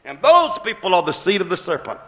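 A man's voice: sits high, very animated, a little fast, bright, forceful tone. A man preaching a sermon with a rising and falling cadence, repeating phrases as he builds each point.

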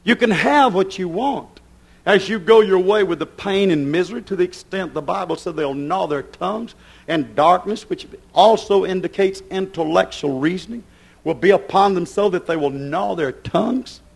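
A man preaching a fiery sermon, swinging between thundering shouts and low, intense passages. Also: moderate pace, gravelly, slightly rough.

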